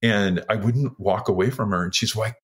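A retired firefighter in his sixties from Washington State, USA, speaks at a moderate pace in a fairly low voice. In an interview he tells his story earnestly, acting out what others said.

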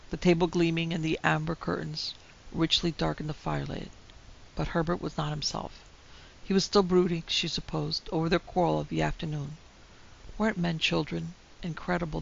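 A woman narrating a classic ghost story in a measured, dramatic way. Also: low voice, vocal fry. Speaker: narrator and producer. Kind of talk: scripted horror story narration. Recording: dull lo-fi recording with faint hiss.

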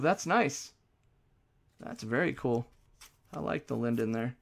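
Gravelly, slow-talking card break host. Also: male voice, medium pitch. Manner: announces each card loudly, then mutters asides. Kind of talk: casual card-break commentary.

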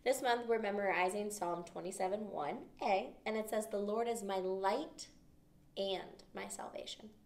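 A woman's voice: medium pitch, normal speed. Woman teaching kids in an echoey room. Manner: expressive, playful, talks straight to kids with questions. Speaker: children's ministry teacher. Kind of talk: children's Bible lesson. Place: church children's room. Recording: echoey room, mic at a distance.

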